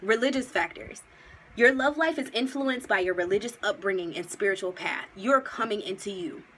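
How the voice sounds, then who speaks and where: A woman's voice: medium pitch, moderate pace, fairly bright tone, slightly rough, poor audio. A woman giving a casual tarot reading to her viewers, slangy and emphatic as she talks to them directly, and at times moved close to tears. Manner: gets emotional, near tears. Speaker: tarot reader.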